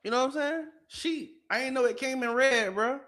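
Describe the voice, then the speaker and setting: A man with a notably high voice holds forth on a casual podcast. He talks with animated, profane energy. He keeps firing off rhetorical questions at his listeners. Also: normal speed. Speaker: podcast co-host. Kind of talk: casual political commentary.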